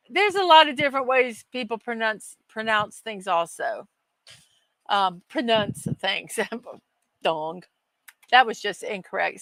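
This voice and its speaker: A woman's voice: a little high, pushed and bright, no room sound, low-quality recording. A woman hosting a daily morning livestream in casual chat, reading viewer comments aloud with easy laughter and poking fun at herself. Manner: chatty and self-deprecating, laughs often, reads chat aloud.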